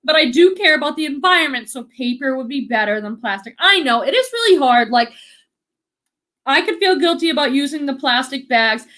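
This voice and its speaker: Brisk and lively in intonation, a woman with a high, fairly bright voice runs a casual livestream. She has a slight Boston accent and chats cheerfully, reading her viewers' comments out loud.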